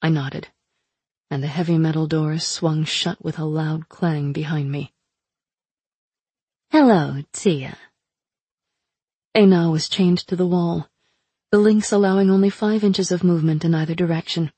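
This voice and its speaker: Breathy woman narrating an audiobook. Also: low-pitched, fairly even intonation, moderate pace, dark tone, no echo. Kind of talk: first-person audiobook narration.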